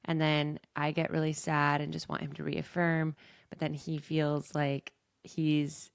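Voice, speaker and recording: A woman's voice: low voice, monotone, measured pace, creaky, clear, resonant tone, dry recording, studio quality. A woman podcast host and coach, talking candidly and reflectively about her own experiences in a personal monologue.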